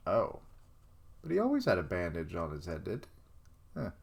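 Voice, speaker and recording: A man's voice: low-pitched, huge pitch swings, moderate pace, gravelly, long pauses, husky. Chatty man reacting to a manga. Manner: chatty, swears casually, thinks out loud. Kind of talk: casual live reaction, reading manga aloud.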